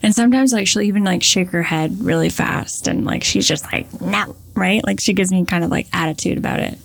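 A woman's voice: on the low side, a little fast, gravelly. A woman co-hosting a casual chat, telling stories with lots of "like" fillers. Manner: chatty, many "like" fillers, animated storytelling.

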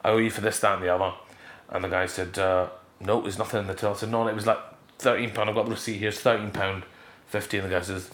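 A middle-aged Scottish man, a guest in a casual interview, telling stories with lively jumps in pitch. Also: quick pace, reverberant. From Scotland. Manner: animated storyteller, leaps up in pitch for emphasis.

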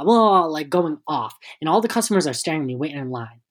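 A young man co-hosting a podcast, telling a story in a casual, animated way, cursing freely and acting out the people in it. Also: fairly high pitch, quick pace, husky. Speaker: podcast co-host.

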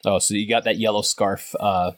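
Low-voiced man running a tabletop game. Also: flat delivery, moderate pace. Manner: casual, loose narration with many fillers. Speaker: game master.

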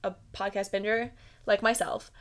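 A woman's voice: medium pitch, level tone, moderate pace. A young woman from the United States hosting her own podcast, chatting casually with lots of "like" fillers and giggles. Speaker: podcast host. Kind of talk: casual solo podcast chat.

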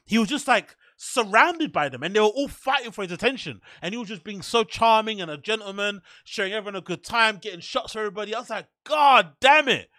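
A man hosting a podcast, telling rambling, profane, animated anecdotes in casual chat. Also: sits high, quick pace, hardly any pauses, dry recording, studio quality. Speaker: podcast host.

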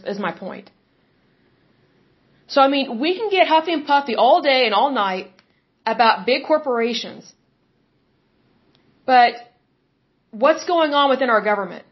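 A woman hosting a podcast, giving opinionated solo commentary in an emphatic, conversational way that circles back to her points, with a touch of hiccups. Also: high voice. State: has hiccups. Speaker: podcast host. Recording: slightly dull lo-fi recording.

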